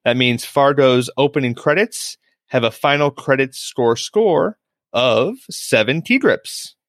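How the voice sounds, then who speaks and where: A man's voice: mid-range voice, a little slow, dry recording. A man co-hosting a casual podcast, jokey and loose, stumbling over his words. His voice rises and falls a lot. The sound is dry and close to the mic. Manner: animated, jokey, repeats himself. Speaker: podcast co-host. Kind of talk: casual chat.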